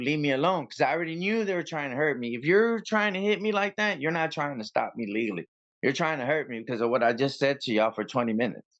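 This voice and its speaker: Man telling a street story, lo-fi audio. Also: medium pitch. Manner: animated, acts out both sides of arguments. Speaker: copwatcher guest. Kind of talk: casual storytelling interview.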